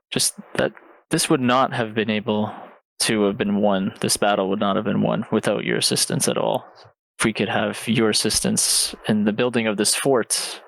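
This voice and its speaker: A man with a low, gravelly voice speaking as a player at a tabletop game. He is earnest and formal, and the sound is dry. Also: fairly bright tone, no room sound, poor audio. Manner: earnest, formal when in character. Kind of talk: tabletop role-play.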